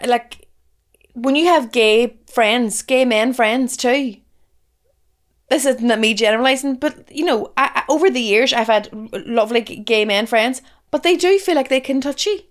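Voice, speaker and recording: A woman's voice: fairly high pitch, moderate pace. Frank Northern Irish woman, rambling chat. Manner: rambling, frank, many restarts and swearing. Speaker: podcast co-host, comedian. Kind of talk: casual chat.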